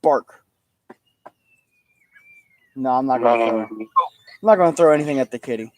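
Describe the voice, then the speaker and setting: A man hosting a livestream from his backyard, joking loudly with his viewers. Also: medium pitch, fast talker, dry recording. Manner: loud, joking, calls out to his audience. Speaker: livestream host. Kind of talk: casual livestream chat. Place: outdoors in a backyard.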